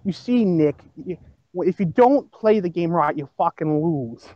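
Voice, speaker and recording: Higher voiced podcast guy, stammery and jokey, dry dull sound. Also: lively intonation, a little slow, no room sound. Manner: stammering, joking. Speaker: podcast co-host. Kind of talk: casual chat.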